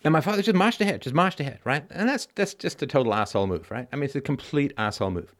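A man's voice: mid-range voice, big pitch swings, fast talker, few pauses. A middle-aged man hosting a call-in show, talking bluntly and emphatically, swearing freely and tagging "right?" onto his points. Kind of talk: conversational call-in monologue.

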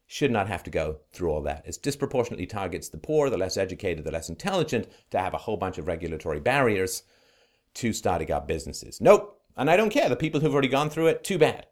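A man giving an emphatic, sarcastic opinionated monologue as a political commentator. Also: medium pitch.

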